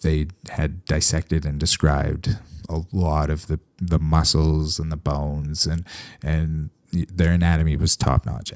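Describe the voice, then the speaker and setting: A man from Canada, a veterinarian hosting a solo podcast, talking casually with animated, sarcastic asides. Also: a bass voice, gravelly, dry recording.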